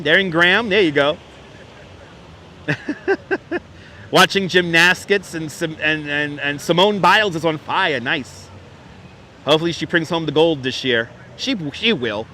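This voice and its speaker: A New York-accented man hosts a casual street livestream, reading viewer comments aloud and repeating his own phrases in a high, bright, forward voice picked up by a wireless clip-on mic. Faint city noise hums in the background as he chats, reminisces, and laughs often.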